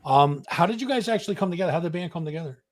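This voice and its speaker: A man's voice: fairly high pitch, animated, rapid-fire. Casual, friendly male interview host. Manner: friendly, casual, calls guest dude and man. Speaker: podcast host.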